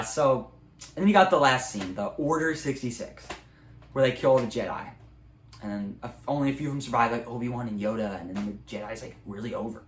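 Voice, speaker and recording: A young man in a casual movie review, rambling with many ums and likes. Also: medium pitch. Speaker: video creator. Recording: echoey room, faint ambient noise.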